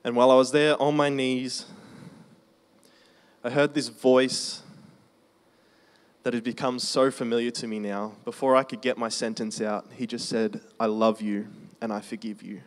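A man preaching a testimony sermon in a conversational storytelling way, slowing down for emphasis. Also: mid-range voice, little pitch movement, clean tone. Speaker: preacher sharing his testimony.

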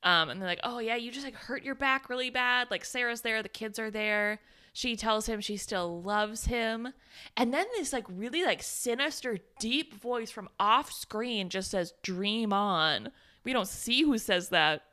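A woman co-hosting a horror movie podcast, retelling scenes in a lively, laughing way. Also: on the high side, normal speed. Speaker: podcast co-host. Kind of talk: casual movie recap chat.

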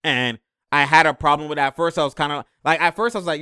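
A man's voice: on the high side, quick pace, bright, forceful tone, clear, resonant tone, dry recording, studio quality. A young man hosting a podcast, talking basketball in a casual, slangy way and leaning on filler phrases. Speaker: podcast host.

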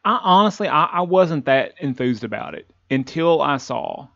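A man's voice: on the high side, very animated, normal speed, vocal fry, a bit bright, dry recording. A man hosting a podcast in casual chat, eager and stumbling over his words. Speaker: podcast host. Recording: dry, dull lo-fi sound.

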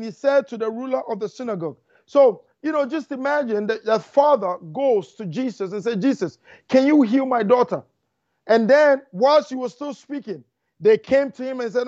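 A man preaching a fervent sermon, talking fast and repeating lines for emphasis. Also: very high voice, darkish tone, no room sound. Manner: fast, rushing delivery. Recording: dull lo-fi dry recording.

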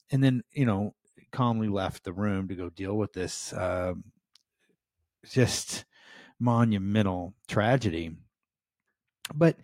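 Earnest low-voiced American man hosting. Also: a little mellow, no room sound, studio quality. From United States. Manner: earnest, frequent "um" and "right?", building emphasis. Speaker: podcast host. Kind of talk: reflective solo podcast talk.

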